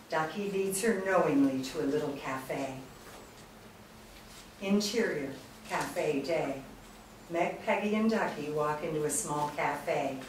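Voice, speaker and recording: A woman's voice: low voice, a little hiss or hum. A woman reading the stage directions of a screenplay steadily aloud. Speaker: narrator. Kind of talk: screenplay read-through. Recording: echoey room from far off.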